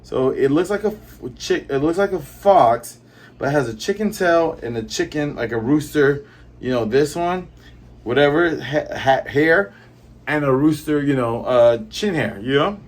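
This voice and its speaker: A man's voice: fairly high pitch, lively intonation, unhurried. A man casually recapping a comic chapter in a rambling, chatty way with many fillers. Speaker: comic reviewer.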